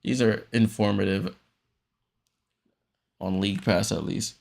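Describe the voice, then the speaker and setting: A man hosting a live watchalong stream, calling the game play-by-play in a relaxed, chatty way with frequent ums and restarts. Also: on the low side, a little slow, creaky. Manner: relaxed, chatty, many ums and restarts, reads chat aloud.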